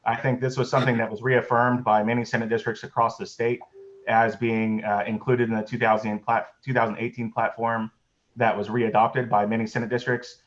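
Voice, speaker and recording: A convention delegate giving formal, argumentative testimony to a committee over a video call. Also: male voice, medium pitch, level tone, a little fast, muffled recording. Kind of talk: public testimony.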